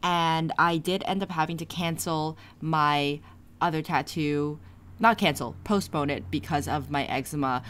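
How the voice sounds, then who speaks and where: A woman's voice: low-pitched, measured pace, fairly bright tone. A young woman chatting casually in a crafting vlog, rambling with many "like" fillers. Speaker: crochet vlogger. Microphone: camera mic, no clip-on.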